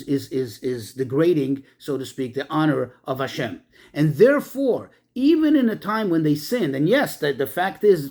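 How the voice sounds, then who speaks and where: High-voiced rabbi explaining a Torah lesson. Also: male voice. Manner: explains slowly, restates Hebrew terms in English, frequent restarts. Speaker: rabbi teaching a class. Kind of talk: Torah class lecture.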